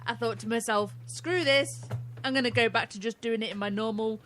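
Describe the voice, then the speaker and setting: A woman's voice: on the high side, brisk, a bit bright, a little hiss or hum. A woman with a Derby English accent, co-hosting a casual podcast chat, swearing freely and laughing often as she tells stories. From England. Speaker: co-host.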